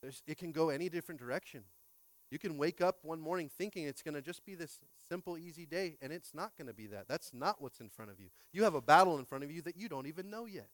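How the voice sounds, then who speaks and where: A man preaching an energetic sermon as pastor, swinging from hushed prayer to loud calls and often asking the congregation to respond. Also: fairly high pitch, quick pace, no echo.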